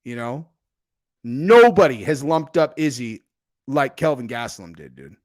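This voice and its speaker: A man hosting a casual livestream, rambling loosely with frequent fillers and swings from loud to quiet. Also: mid-range voice, unhurried. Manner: animated swings in loudness. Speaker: host.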